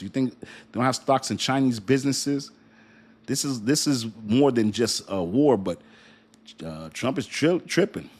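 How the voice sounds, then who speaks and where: A man hosting a casual crypto livestream, joking and talking straight to his viewers in an animated way. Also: medium pitch.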